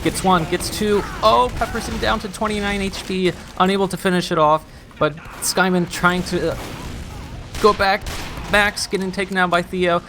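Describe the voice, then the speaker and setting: An American man doing fast, excitable play-by-play as an esports caster, recorded on a noisy home mic. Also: high-pitched. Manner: excitable, rushes through calls.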